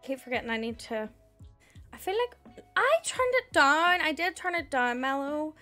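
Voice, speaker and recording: A woman's voice: sits high, animated, moderate pace, pushed and bright, soft background music. A young woman with a Northern Irish accent, chatting casually on a live stream and thanking viewers by name.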